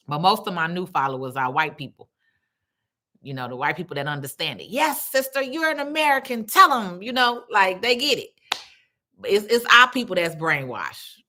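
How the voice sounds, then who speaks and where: A woman's voice: mid-range voice, sharp tone. A woman hosting a casual livestream, talking bluntly and with plenty of profanity, laughing often as she reads viewer comments aloud. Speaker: livestream host.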